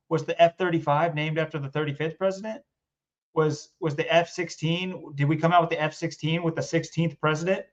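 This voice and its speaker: Male podcast co-host with a mid-range voice, sarcastic and chatty, on a slightly muffled recording. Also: mid-range voice. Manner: sarcastic, amused, rambling with restarts. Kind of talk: casual commentary reacting to a video.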